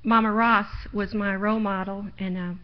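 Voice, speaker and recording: Heard through lo-fi live stream audio, a middle-aged woman preaches at a moderate pace in a medium-pitched voice with little pitch movement. Her sermon is folksy and personal, built on her testimony, and grows louder as she presses each point.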